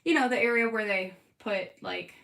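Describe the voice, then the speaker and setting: A woman's voice: mid-range voice, moderate pace, creaky, a bit bright. A woman in her thirties hosting a live scrapbooking stream, chatting casually and giggling as she talks to viewers by name. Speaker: scrapbooking livestream host. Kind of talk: casual live crafting chat. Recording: roomy, from a distance.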